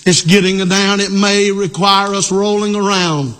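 A middle-aged male pastor preaching a sermon, emphatic, repeating key lines and rising to shouts. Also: high voice, steady tone, unhurried.

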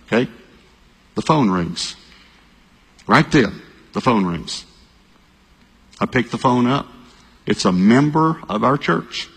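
A male pastor, telling a story in a sermon, talking fast and repeating himself, at times breaking into shouts. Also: medium pitch, slightly rough. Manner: animated storytelling, bursts of shouting and quick repeated phrases. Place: large church hall. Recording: long reverb of a large hall.

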